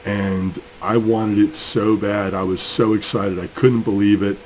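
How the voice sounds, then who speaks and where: A low-voiced man rants angrily in a casual vlog, rambling as he works. He sounds sick with a cold. A faint hiss of room noise sits behind him. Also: flat delivery, unhurried. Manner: angry, fired up, rambling. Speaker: crypto mining channel host. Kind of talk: casual building vlog rant.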